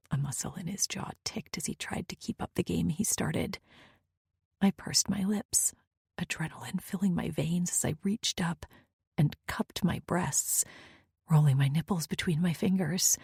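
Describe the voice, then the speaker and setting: A woman's voice: sits low, a little mellow, husky, no room sound, studio quality. A woman narrating a first-person romance audiobook in an intimate, often near-whispered manner.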